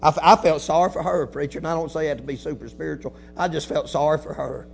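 A man preaching a folksy sermon, telling a story quietly, then building to shouted preaching with hallelujahs. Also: fairly high pitch, fairly even intonation, fast, vocal fry, husky, faint music behind. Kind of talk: Pentecostal-style sermon.

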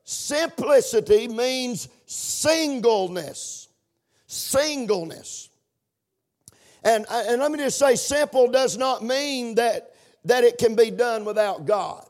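A man's voice: extremely high pitch, measured pace, a little mellow. A man preaching a sermon in a chanting, sing-song cadence, breaking in with amens.

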